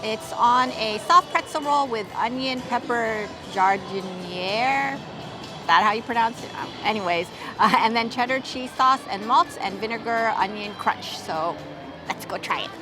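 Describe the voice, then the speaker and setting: A woman's voice: a little high, moderate pace, over music. A woman food vlogger chatting casually as she tastes and reviews dishes outdoors, hedging and thinking aloud. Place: outdoors at a theme park, windy.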